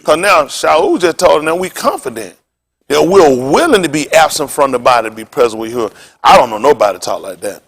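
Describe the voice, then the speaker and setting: Speaking fairly quickly in a voice on the high side, a male pastor preaches in animated, informal street talk, tossing questions back to the congregation.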